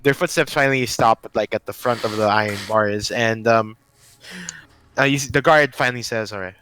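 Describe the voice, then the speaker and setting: A man's voice: medium pitch, normal speed, bright, forceful tone, slight background noise. A man narrating a tabletop game as game master, rambling with many fillers.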